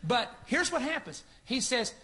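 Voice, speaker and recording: A male preacher with a high, forceful voice tells a story from the pulpit. He talks in an animated way and slips into the voices of the people in his story as he goes. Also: measured pace, a little hiss or hum. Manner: animated, acts out reported dialogue. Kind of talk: sermon storytelling.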